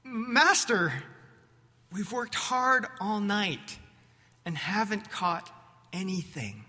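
An exasperated fisherman, played by a man, pitched up, strained and pleading. His voice is bright and rings through a long hall echo. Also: expressive, very slow, heavily acted. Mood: weary. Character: weary, exasperated grown fisherman. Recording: echoey hall reverb.

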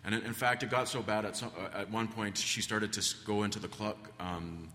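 This guest preacher's sermon leans on folksy family storytelling, delivered a little fast in a lowish, fairly even voice with a sharp tone. Ums and restarts pile up, and the church sanctuary's long reverb hangs on his words.

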